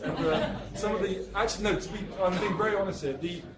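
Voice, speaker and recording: A man's voice: high voice, fast talker. An English man in his thirties giving a rambling, self-deprecating talk at a cafe book launch. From England. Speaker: author. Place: busy cafe. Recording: echoey cafe, distant mic, crowd.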